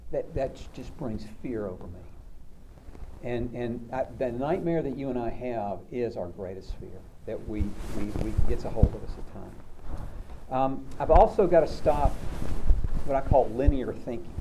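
A man's voice: mid-range voice, normal speed, noisy background. A man counselor giving a sermon-like talk, conversational and storytelling, often repeating words.

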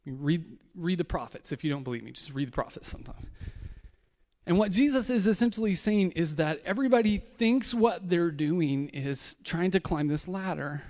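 A man's voice: a little high, a little mellow, long reverb tail. A man preaching a conversational sermon as a pastor, telling stories casually and often restarting words.

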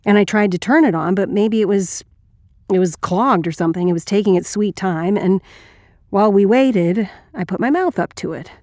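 A woman's voice: mid-range voice, normal speed, a little mellow, no room sound, clean studio sound, natural voice. A woman reading an audiobook as a blunt, wry, crude male ex-Marine narrator.

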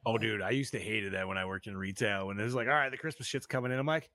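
A man co-hosting a casual podcast chat, animated and profane, saying "dude" a lot. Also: on the low side, racing, hardly any pauses, no echo. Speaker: podcast co-host.

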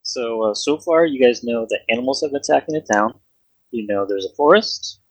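A man's voice: medium pitch, expressive, brisk, breathy edge, dry recording. A man narrating as game master in a casual tabletop game, laughing and swearing freely.

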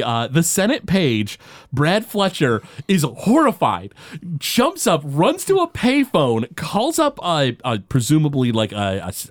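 Co-hosting a podcast, a man with a slightly high voice meanders through a casual episode recap, using lots of filler words. There's no room sound on the recording.

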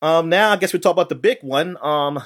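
A man co-hosting a casual chat show, animated and laughing often, with frequent restarts. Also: on the high side, brisk. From not British. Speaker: podcast co-host.

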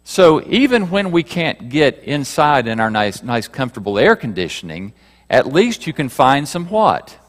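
A man preaching a sermon to his congregation, asking rhetorical questions and moving between loud emphasis and quiet asides. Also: medium pitch, sing-song, normal speed, in a large hall. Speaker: pastor.

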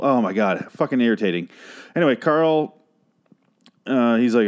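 Male podcast host, low-ish voice, slightly hoarse, sarcastic profane rambler. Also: expressive, moderate pace, pauses often. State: voice getting hoarse. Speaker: podcast host recapping a TV episode. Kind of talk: casual profane rant.

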